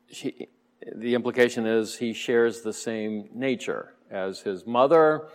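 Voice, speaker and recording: Male preacher, mid-range voice, relaxed verse-by-verse teaching with fillers; long hall reverb. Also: medium pitch, measured pace. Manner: relaxed, explanatory, frequent "uh" fillers and soft chuckles. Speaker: Bible teacher.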